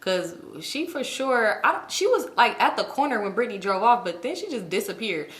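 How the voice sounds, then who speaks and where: This vlogger, a woman in her thirties, shares a story with viewers in an animated, profanity-laced, casual way. Her pitch spikes whenever she gets fired up, and the room echoes around her.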